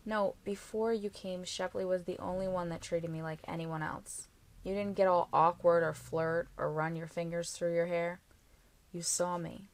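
A woman's voice: fairly low pitch, fairly even intonation, normal speed, close to an everyday voice. A woman reading a cocky, tender young man. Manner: teasing, blunt, swears easily. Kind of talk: audiobook character reading.

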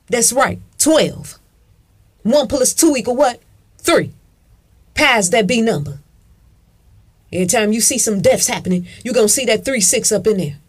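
A woman's voice: a little high, husky. A woman talking straight to her viewers in a casual rant, emphatic and profane, repeating herself, calling listeners "honey" and answering her own questions. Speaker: video commentator. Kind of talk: casual ranting monologue.

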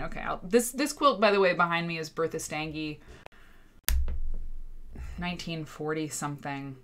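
A woman in her thirties hosting a quilt livestream, animated and exasperated, with sarcastic asides. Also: on the low side, a little hiss or hum. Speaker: quilt show host. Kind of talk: livestream talk. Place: home studio with green screen.

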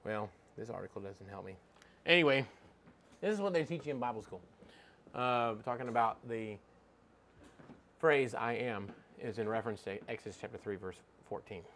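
A man's voice: lowish voice, moderate pace, long pauses, fairly bright tone, a little hiss or hum. A man giving an informal Bible teaching, reading scripture aloud and searching for verses as he talks. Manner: conversational, reads scripture aloud and looks up verses mid-talk.

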